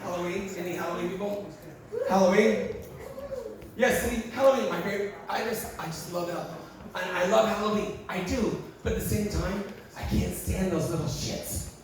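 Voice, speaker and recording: A high-voiced man doing a stand-up set at a live comedy venue tells profane stories at a moderate pace, acting out quotes with lots of energy and animation. Crowd noise is present, and the recording is very echoey, distant and noisy.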